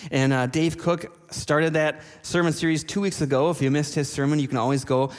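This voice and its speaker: A man's voice: a little high, steady tone, brisk. A man preaching a sermon, telling personal stories with self-deprecating humor. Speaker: pastor. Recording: long church reverb.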